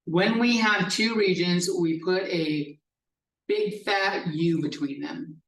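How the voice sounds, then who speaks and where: A male math professor lectures his class, walking through the material step by step in a casual manner that includes some swearing. His voice is slightly high with a fairly bright tone. It's recorded from a distance in an echoey classroom.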